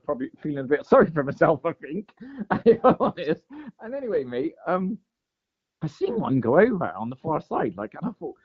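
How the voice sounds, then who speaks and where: A man telling a long fishing story in casual chat, saying "mate" and "like" all the time. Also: on the high side. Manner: chatty, says "mate" and "like" constantly. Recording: dull lo-fi sound.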